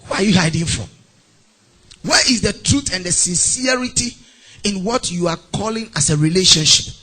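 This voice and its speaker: Ghanaian male pastor with a high, sing-song preaching voice, playfully acting out scenes. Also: moderate pace. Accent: Ghanaian English. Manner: animated, acts out mock phone calls and scenes. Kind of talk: sermon.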